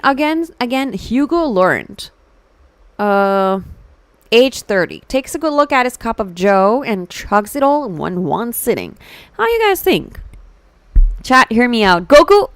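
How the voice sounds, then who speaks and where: A woman with an Indian accent streaming a horror game live, excitable and switching between Hindi and English. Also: medium pitch, no echo.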